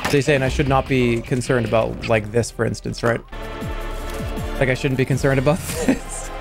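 A man in his thirties streaming games live, talking to his chat in an excitable, exasperated way, swearing and breaking into high-pitched outbursts. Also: normal speed, gravelly, over loud music. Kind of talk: live game stream commentary.

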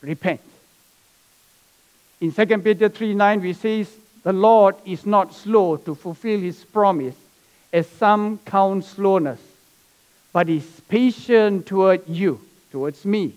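A man pastor preaching a sermon to his church, telling a story and reading scripture with small laughs. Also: sits high. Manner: preaching with asides and soft laughs. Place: church sanctuary.

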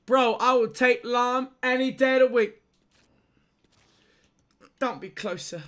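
A young woman streaming a game with a high, bright voice. She talks to her chat in an excitable, pleading way, drawing her words out at an unhurried pace. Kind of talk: excited gaming livestream commentary.

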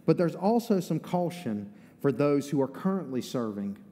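A man's voice: fairly high pitch, sing-song, moderate pace, warm tone, a little hiss or hum. A man with an Eastern North Carolina accent preaching a sermon as pastor, in a folksy, conversational way with asides. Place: church sanctuary. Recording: long reverb of a church hall.

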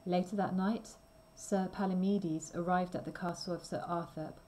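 A woman reading a simple storybook aloud slowly and clearly for language learners. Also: on the low side, steady tone, darkish tone, poor audio. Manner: careful, deliberate reading. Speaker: reader.

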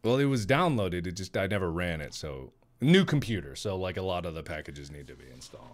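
A man co-hosting a casual gaming podcast, talking in an animated, mock-indignant way. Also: low-pitched, fairly quick. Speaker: podcast co-host. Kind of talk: casual chat while gaming.

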